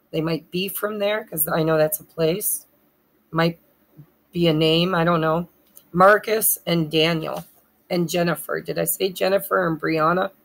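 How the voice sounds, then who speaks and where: A woman reads a pick-a-pile tarot spread in a lowish, gravelly voice. Her throat is hoarse and she keeps clearing it. She moves haltingly, spelling names letter by letter and sometimes losing her place. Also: poor audio. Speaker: tarot reader.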